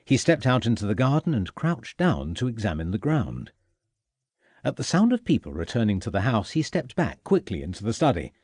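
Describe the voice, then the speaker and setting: Expressive male audiobook narrator. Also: on the low side, moderate pace, slightly rough, no echo, studio quality. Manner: expressive, voices each character. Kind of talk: scripted narration.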